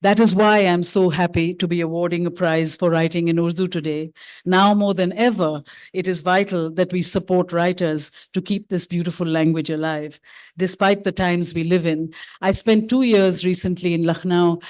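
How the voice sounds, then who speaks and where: A woman's voice: lowish voice, steady tone, normal speed. Reflective woman telling lecture anecdotes. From India. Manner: reflective, warmly anecdotal, with fillers and restarts. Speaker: filmmaker giving a memorial lecture. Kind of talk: prepared lecture speech told as personal stories.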